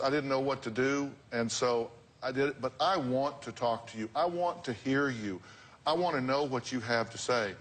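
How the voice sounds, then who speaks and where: Blunt, forceful male talk show host. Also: medium pitch. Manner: forceful, direct, lecturing.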